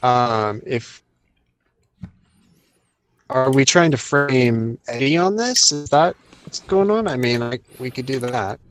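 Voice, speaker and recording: A man's voice: mid-range voice, lively intonation, slow, long pauses. A man playing a tabletop game, thinking aloud and trailing off mid-sentence. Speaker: player. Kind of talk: casual tabletop play.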